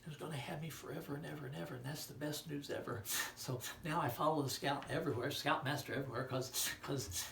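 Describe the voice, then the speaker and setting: A man's voice: a little high, fast talker, vocal fry, slight background noise. A man giving a children's Christmas message, telling a story with acted-out dialogue, sometimes dropping to a whisper. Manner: animated storytelling, acts out dialogue, drops to a whisper. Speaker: children's speaker. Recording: roomy hall, voice from far off, faint ambience.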